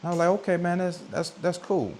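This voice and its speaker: A vlogger in his forties sits down to tell a personal story in a relaxed, conversational way, becoming animated whenever he acts out what he or others said. His voice is high-pitched and his pace quick. Soft coffeehouse music and slight background noise play behind him.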